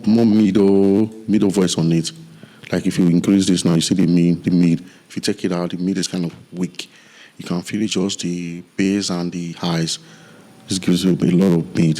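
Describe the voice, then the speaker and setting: A man teaching music recording software in a loose, rambling tutorial with many restarts, from a home studio. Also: low voice, a little hiss or hum.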